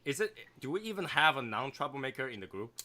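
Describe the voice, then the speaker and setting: Bright lively man hosting a chat. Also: medium pitch, quick pace, slight background noise. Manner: laughs often, loose casual talk. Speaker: stream host. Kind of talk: casual group chat.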